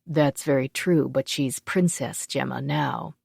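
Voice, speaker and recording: A woman's voice: extremely low pitch, a little slow, gravelly, darkish tone, breathy edge, no room sound, clean studio sound, full character voice. A woman doing a wry, easygoing male warrior.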